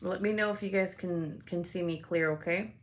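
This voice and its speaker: A woman's voice: lowish voice, steady tone, moderate pace. A woman hosting a casual live stream, rambling through a story with lots of swearing and filler words. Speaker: livestream host.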